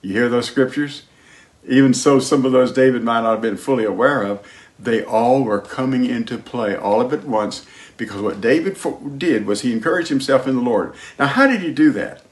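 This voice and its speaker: A man preaching a sermon as pastor, emphatic, moving between loud declarations and hushed lines. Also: mid-range voice, normal speed. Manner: sings hymn lines.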